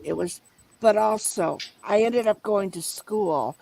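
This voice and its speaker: A woman's voice: medium pitch, slow, vocal fry, warm tone, poor audio. An older woman telling a story from her childhood in a casual group chat, blunt and salty.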